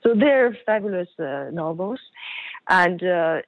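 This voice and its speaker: Woman guest, halting with fillers, slow, tinny phone line. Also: lowish voice, expressive, no echo. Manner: hesitant, many fillers. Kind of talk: interview conversation.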